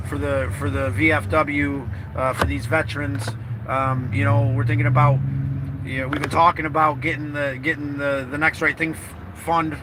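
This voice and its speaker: A man records a casual vlog from a car, his voice sitting a little high. He talks in a heartfelt, rambling way and swears freely. Clear outdoor and road noise runs underneath. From New York. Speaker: vlogger. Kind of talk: emotional casual vlog talk.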